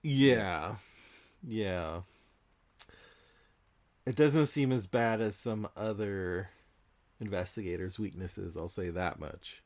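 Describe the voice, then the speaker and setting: Slow-spoken man, laid-back podcast co-host. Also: lowish voice, dry recording. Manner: hesitant, with frequent ums and soft laughs. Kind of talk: casual chat about a card game.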